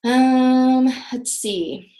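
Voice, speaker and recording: A woman in her thirties leading a motivational team training call, telling chatty, animated stories. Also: high voice, very slow, reverberant. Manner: chatty, animated storytelling with acted quotes. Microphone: video call.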